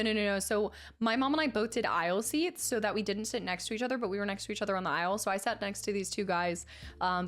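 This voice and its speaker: A young woman streaming live, reading chat aloud and telling rambling stories with frequent giggles. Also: mid-range voice. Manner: giggly, chatty, rambling storyteller. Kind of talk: casual livestream chat.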